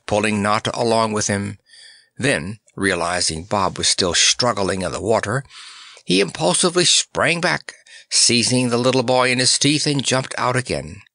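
A man narrating a children's audiobook in a measured, expressive way. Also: mid-range voice, dry recording, clean studio sound.

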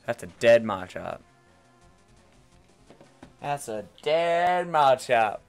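A man doing a loud, cheeky British bloke. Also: mid-range voice, sing-song, drawn-out words, smooth, soft background music, full character voice. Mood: taunting. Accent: put-on British. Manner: loud, taunting, repeats "mate". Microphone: headset.

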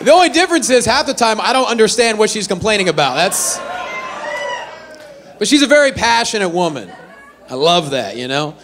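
A man performing a stand-up comedy set, telling animated, self-deprecating stories. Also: sits high, fairly quick, pauses often, background noise. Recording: live venue with faint audience.

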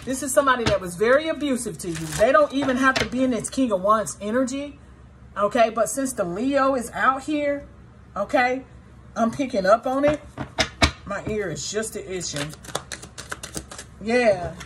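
A fairly high-voiced woman giving a tarot reading straight to her viewers. She is blunt and profane, and her tone stays emotionally charged throughout, moving between sorrow and indignation. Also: expressive, moderate pace, background noise. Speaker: tarot reader.

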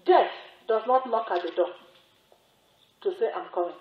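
A religious sister giving a sermon, telling a story with repetition and emphatic rising exclamations. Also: female voice, on the high side, a little slow. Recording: echoey, phone-like narrow sound.

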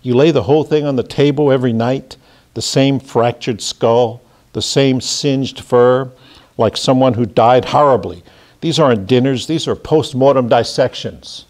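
A man's voice: mid-range voice, normal speed, darkish tone, close to an everyday voice. A man reading aloud the part of an exasperated husband complaining about his dinner. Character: fed-up, grumbling husband at the dinner table.

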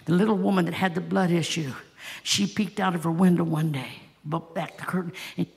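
A woman's voice: on the low side, steady tone, brisk, vocal fry. A woman pastor preaching a sermon, telling stories with passion and asking the congregation rhetorical questions.

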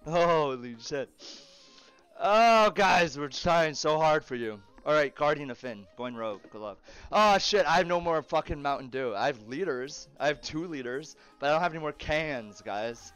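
A man's voice: fairly high pitch, normal speed, a bit bright, smooth, soft background music. A man streaming a game live, swearing, groaning in frustration and laughing between outbursts. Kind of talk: live gaming stream chatter.

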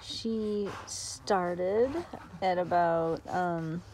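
Slow, mellow woman vlogger cooing. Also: a little hiss or hum. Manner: chatty, coos in high baby talk at the puppies. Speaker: vlog host filming her dog's new litter. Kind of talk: casual vlog chat. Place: beside a whelping area at home.

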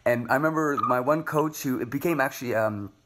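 A man, a former gymnast, hosting an interview and telling stories in an animated, conversational way. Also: medium pitch, brisk. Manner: animated, anecdotal storytelling. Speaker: podcast host, former gymnast.

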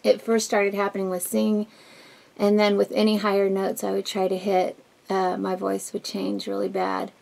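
A woman with a husky, smoky voice talks through her morning routine at home. A gravelly crackle runs under her mid-range voice. She rambles candidly, full of fillers and restarts, as she does her makeup. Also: medium pitch, completely flat delivery, normal speed, darkish tone. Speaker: beauty vlogger. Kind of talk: casual get-ready-with-me chat.

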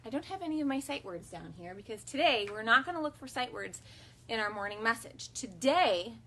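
A young woman teaching an online kindergarten lesson at home, patient and instructive, slowly modeling phrases for children to repeat. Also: a little high, big pitch swings. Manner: patient, instructive, frequent gentle redirections; slow, sing-song modeling of phrases for repetition. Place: home, filmed for online class.

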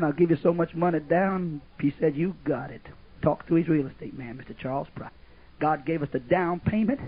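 Older preacher, folksy and rambling, husky voice, tinny old phone-like tape. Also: male voice, fairly high pitch. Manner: folksy, rambling, sudden shouts and laughs. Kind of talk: sermon. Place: church camp meeting. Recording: muffled lo-fi old tape, narrow band.

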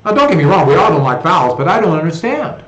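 A history teacher with an American accent lectures his class in a loose, conversational way, wandering into joking asides. His voice sits a little high for a man. The sound is roomy, with a noticeable echo. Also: sing-song, quick pace, fairly bright tone.

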